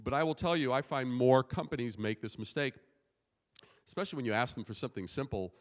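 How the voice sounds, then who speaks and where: A man's voice: mid-range voice, fast. A man delivering a keynote in a conference hall, his voice sitting in a middle register. He talks in punchy, emphatic bursts and drops the odd casual curse. A long reverb trails his words around the room. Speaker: keynote speaker.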